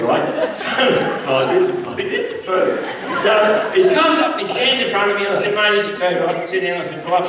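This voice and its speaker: An Australian man giving a humorous storytelling speech, animated and acting out quoted voices. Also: a little high. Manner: animated yarn-spinning, acts out quoted voices, laughs along. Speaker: public speaker. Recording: roomy hall, distant mic, background noise.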